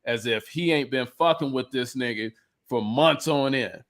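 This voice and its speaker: A man's voice: mid-range voice, normal speed, a bit bright. Heated, profane man ranting. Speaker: podcast co-host. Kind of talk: casual chat.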